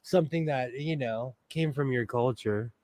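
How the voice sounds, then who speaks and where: A man's voice: mid-range voice, moderate pace, a little mellow, no echo. A man, hosting a casual livestream while he sews, rambling and sentimental with lots of fillers. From United States. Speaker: host.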